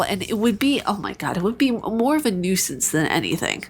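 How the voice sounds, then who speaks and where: A woman's voice: mid-range voice, very animated, a little fast, few pauses, a little hiss or hum. A young adult woman giving a casual, enthusiastic video game review, chatty and full of fillers.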